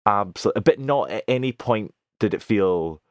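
A man's voice: lowish voice, expressive, normal speed, no room sound, studio quality. A man with a Scottish accent in casual, rambling conversation, often asking "do you know what I mean". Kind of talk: casual chat about musical theatre.

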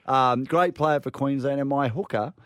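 A man's voice: medium pitch, normal speed, smooth, no room sound, studio quality. A man with an Australian accent co-hosting a sports radio show, a former player who laughs easily and chats enthusiastically about old teammates. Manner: laughing, enthusiastic, mate-ish. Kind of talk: casual sports radio chat.

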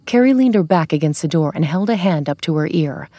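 Woman narrator, audiobook, steady, slightly low voice, dry close recording. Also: fairly quick, no room sound.

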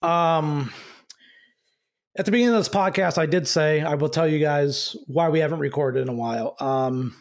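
A man hosting a basketball podcast, talking in an angry, halting way with many fillers and restarts. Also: on the high side. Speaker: podcast host. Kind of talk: casual podcast talk.

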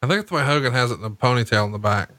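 A man's voice: mid-range voice, very fast, no room sound. A man in casual podcast chat, telling stories with crude humor and mocking impressions. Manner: profane, animated storytelling with mocking impressions.

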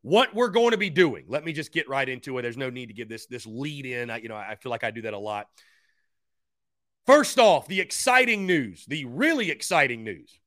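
Bright, energetic male podcast host. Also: mid-range voice, moderate pace, dry recording, studio quality. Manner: energetic, repeats himself, talks straight to viewers; thanks fans and shouts out supporters by name. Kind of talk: live-stream call-in show chat.

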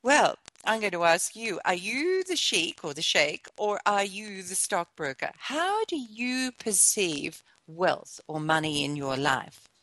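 A woman hosting a motivational talk show, speaking with conversational asides and gentle encouragement. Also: mid-range voice, very animated, unhurried, dry recording. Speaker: show host.

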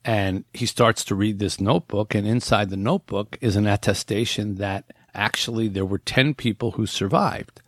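Low-voiced man telling a story on a podcast. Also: steady tone, normal speed, fairly bright tone, dry recording, studio quality. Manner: conversational storytelling with frequent fillers and restarts. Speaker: podcast host. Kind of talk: casual podcast, retelling a book's plot.

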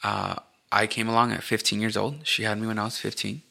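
Gravelly low-voiced man telling his story. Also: flat delivery, sharp tone. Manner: halting, restarts and fillers, reflective. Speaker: podcast co-host. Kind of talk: candid personal storytelling.

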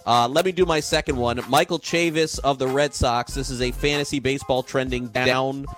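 A man's voice: mid-range voice, fairly even intonation, normal speed, a bit bright, faint music behind. A man hosting a fantasy baseball show, talking in a casual, easygoing way with some hesitation. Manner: easygoing, hesitant, lots of fillers and restarts. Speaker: podcast host. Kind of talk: casual chat.

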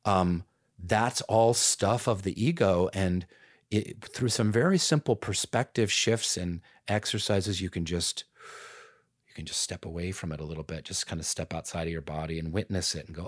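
Male podcast guest, low-pitched, calm and musing in relaxed conversation. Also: moderate pace. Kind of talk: reflective conversational talk.

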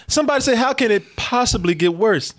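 A man's voice: very high-pitched, expressive, brisk, fairly bright tone. A man co-hosting a podcast, ranting in an exasperated, profane, repetitive comedic way. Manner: exasperated, repetitive, swears freely. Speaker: podcast co-host reviewing a movie.

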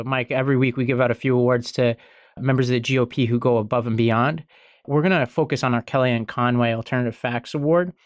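A man hosting a political podcast, introducing segments and analyzing politics in a brisk, conversational way. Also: medium pitch, no room sound, studio quality. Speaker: podcast host. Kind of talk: casual political commentary.

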